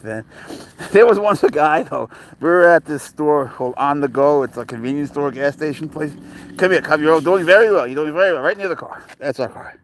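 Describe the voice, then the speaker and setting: A man's voice: on the high side, dry recording. A man live-streaming outdoors on a phone, chatting in a rambling, casual way and coaxing his cat along in baby talk. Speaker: pet owner live-streaming. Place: outdoors, walking near a parked car.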